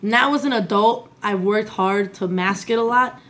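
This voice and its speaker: A woman with a slight New York accent, co-hosting a casual podcast chat, animated and swearing freely. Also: mid-range voice, normal speed. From Tampa, Florida. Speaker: podcast co-host.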